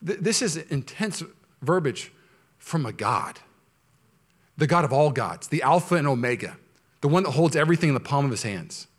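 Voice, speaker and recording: A man pastors his congregation in a sermon. His voice sits a touch high, sinking into soft, low asides before climbing into loud, fervent preaching. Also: very animated, moderate pace, pauses often, breathy edge.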